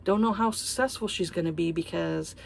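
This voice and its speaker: A woman's voice: lowish voice, fairly quick, vocal fry, slight background noise. A woman in her thirties vlogging about books in a heated, profane, exasperated casual rant. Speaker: book vlogger. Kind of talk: casual ranting monologue.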